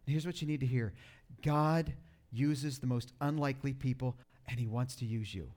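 A man's voice: mid-range voice, normal speed, a little mellow. A middle-aged male pastor preaching a conversational sermon, restarting phrases and acting out quotes.

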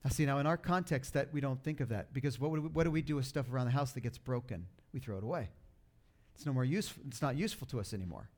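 A man's voice: medium pitch, fast, darkish tone. A middle-aged male pastor preaching a conversational sermon, restarting phrases and acting out quotes.

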